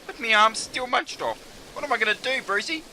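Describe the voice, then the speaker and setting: A man's voice: very high voice, fairly quick, pushed and bright, slight background noise, heavily acted. A man voicing a laid-back Australian beach mate, with an Australian accent and an exaggerated, bouncy delivery. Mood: mocking mate.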